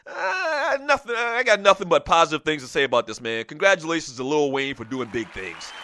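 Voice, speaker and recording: Animated high-voiced talk show host. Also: male voice, a little fast, some chatter behind. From South Carolina Lowcountry. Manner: animated, rambling, with many fillers. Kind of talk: solo radio talk monologue.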